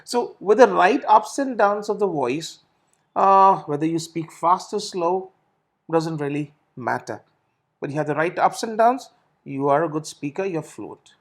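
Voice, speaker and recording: Middle-aged guy, ielts trainer, explains slow and step by step, lots of repeats. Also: high-pitched, animated. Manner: explanatory, repeats words and restarts often. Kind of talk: teaching in a recorded Q&A session.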